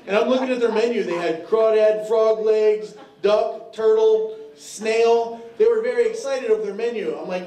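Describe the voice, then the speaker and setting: A man's voice: sits high, normal speed, crowd noise. A man from Tennessee, doing a stand-up comedy set in a drawling, storytelling way with lots of fillers. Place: comedy club stage. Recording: echoey room from a distance.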